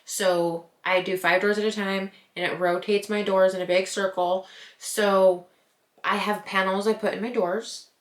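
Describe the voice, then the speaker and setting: A woman's voice: mid-range voice, level tone, unhurried. Chatty woman vlogger in an echoey room. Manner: chatty, many likes, laughs at herself. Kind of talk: casual storytime. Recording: roomy echo.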